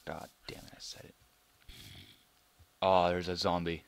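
A young man giving casual gameplay commentary, excitable, swearing now and then and muttering asides under his breath. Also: low voice, moderate pace, vocal fry, pauses often. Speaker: let's play gamer.

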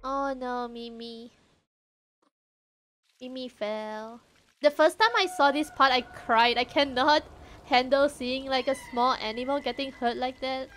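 Very high-pitched excitable woman streamer. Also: normal speed, slight background noise. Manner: excitable, squealing and shouting at the game; talks to the cat character, meowing. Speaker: streamer playing a game. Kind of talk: live game stream commentary.

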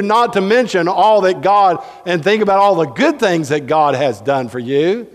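Pastor, male, high voice, preaching with leaps and stretched words, reverberant church hall. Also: lively intonation. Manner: preaches with sudden pitch jumps, drawn-out emphasis. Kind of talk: sermon. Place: church sanctuary.

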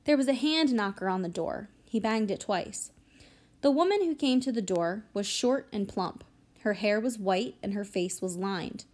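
A woman's voice: medium pitch, normal speed, darkish tone. Woman narrating an audiobook.

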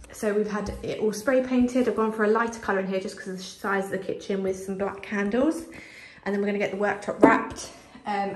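Young woman vlogger, chatty tour voice, a bit breathless, everyday pitch, handheld camera indoors. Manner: chatty, lots of fillers. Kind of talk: casual house tour. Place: house, indoors.

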